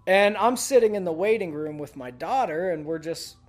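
A man's voice: high-pitched, expressive, normal speed, soft background music. A man in his thirties from Texas, a podcast guest telling profane, laughing stories in casual chat.

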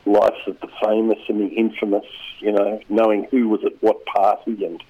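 A man chatting casually as a regular radio commentator, talking in a rambling, halting way with many restarts. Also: lowish voice, monotone, slightly rough, narrow, tinny audio.

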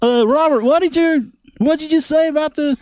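A man's voice: extremely high pitch, animated, measured pace, no echo, voice pushed up. A man putting on a late night talk show host in a Kermit the Frog voice, introducing his guest.

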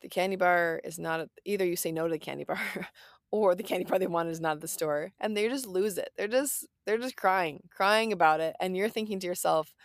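Casting: low-pitched woman in her thirties, gravelly fry, earnest reassuring parenting talk, dry close sound. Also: a little fast, no room sound. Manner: earnest, reassuring, lots of "like" and "right?". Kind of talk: casual parenting advice talk.

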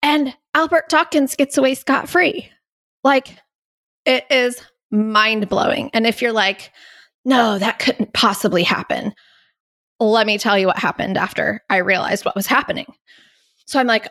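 A woman's voice: fairly high pitch, normal speed, a bit bright, no room sound, clean studio sound. A woman hosting a podcast, telling a story in an anxious, incredulous way and laughing at herself now and then. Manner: anxious, incredulous retelling with self-mocking laughs. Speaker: podcast host. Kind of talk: candid storytelling monologue.

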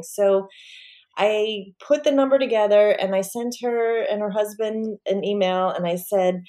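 A woman talking as a guest on a podcast, telling a personal story with real energy. She shifts into the voices of the people she quotes as she goes. Her pitch sits in a middle range for a woman. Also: a little slow. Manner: animated, acts out quoted voices.

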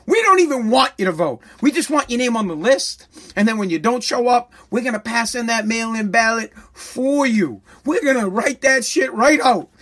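A political commentator ranting with heavy profanity and sarcasm, swinging between loud mockery and a mock-calm hush. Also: mid-range voice, moderate pace.

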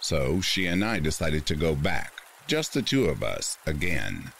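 Deep-voiced male narrator with an expressive, shifting pitch; deliberate scripted horror reading over soft rain. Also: gravelly, slight background noise. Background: faint rain.

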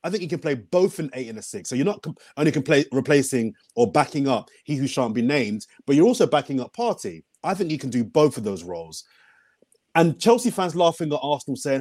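A man's voice: mid-range voice, fairly quick, no room sound. A man, talking passionately as a panelist on a football fan podcast. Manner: passionate, emphatic, animated. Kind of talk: casual chat.

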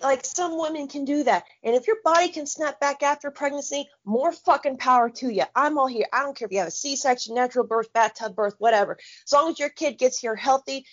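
A woman in her thirties, co-hosting a podcast in casual chat, talking bluntly with lots of swearing and heated rants. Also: sits high. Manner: blunt, profane, heated ranting. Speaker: podcast co-host. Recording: dull lo-fi sound.

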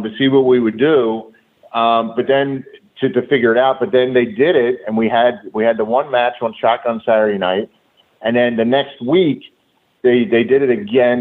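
Male guest, casual profane storyteller, mid-pitched, heard through a tinny phone connection. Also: fairly even intonation, moderate pace. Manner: loose, profane, with many fillers. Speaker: guest, former pro wrestler. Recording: tinny phone-line audio.

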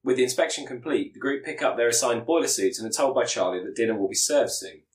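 A man reading out a scripted plot pitch as a podcast co-host, sometimes stumbling and correcting himself. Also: quick pace, echoey room, low-quality recording. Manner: reads with stumbles and self-corrections.

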